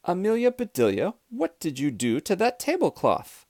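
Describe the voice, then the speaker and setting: A man's voice: high-pitched, wildly swooping pitch, normal speed, darkish tone, dry recording, studio quality, pitched above the performer's own voice, full character voice. A man voicing a fussy, exasperated lady of the house in a children's storybook read-aloud, scolding and exclamatory.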